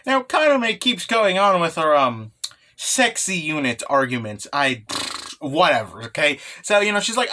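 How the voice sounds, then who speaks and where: A man giving a casual comic recap, excitable and rambling, swearing with lots of fillers. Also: fairly high pitch, moderate pace. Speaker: manga recap vlogger.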